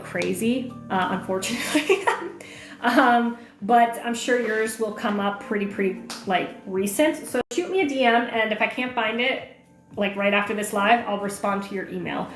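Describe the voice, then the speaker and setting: An online marketing coach hosts a casual livestream in a fairly high, fairly bright voice. She reads viewer comments aloud and answers questions with plenty of fillers, in an echoey room with faint music.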